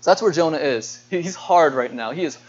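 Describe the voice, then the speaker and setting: A male pastor delivering a sermon in a high voice. He is earnest and questioning and doubles back on his words. The sound is dull and lo-fi. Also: expressive, a little fast. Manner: earnest, asks the congregation questions, repeats words.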